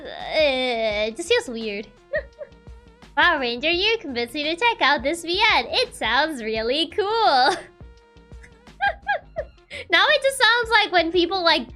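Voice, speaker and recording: A woman's voice: high voice, pushed and bright. A woman chatting casually with her viewers on a livestream, giggling often between remarks. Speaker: virtual streamer.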